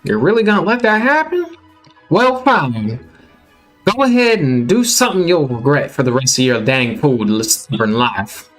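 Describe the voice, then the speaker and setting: A pushy, scheming young country man with a Southern drawl, played by a man slightly above his own pitch. He wheedles and presses impatiently, and his tone swings widely. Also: big pitch swings, a little slow, a bit bright, faint music behind. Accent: put-on Southern US drawl.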